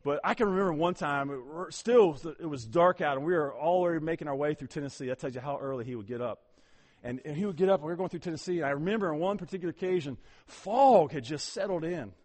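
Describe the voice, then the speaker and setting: Animated male preacher, higher voice. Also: fast. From Ohio. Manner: animated storytelling, swings from loud emphasis to hushed near-whisper. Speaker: pastor. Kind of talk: sermon.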